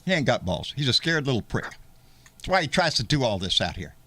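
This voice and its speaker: A man's voice: mid-range voice, sing-song, fairly quick, a bit bright, no echo. A middle-aged man, hosting a live show and angrily ranting, profane and taunting, hurling insults. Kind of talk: angry live-stream rant.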